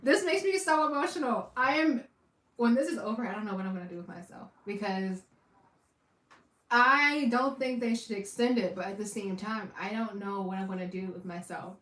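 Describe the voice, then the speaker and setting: A woman hosting a watch party, giving casual reaction commentary and repeating phrases between loud outbursts and quiet asides. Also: mid-range voice, moderate pace. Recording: echoey room, far from the mic.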